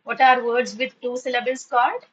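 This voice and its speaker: A woman teaching an online English class, patiently spelling words and repeating them slowly. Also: fairly high pitch, fairly even intonation, fairly bright tone, poor audio.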